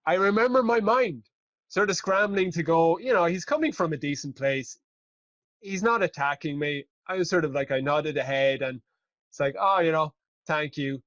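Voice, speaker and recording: A man hosting a podcast, telling a story in an animated way and swearing freely. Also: fairly high pitch, moderate pace, no room sound, lo-fi sound. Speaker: podcast host. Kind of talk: casual conversational storytelling.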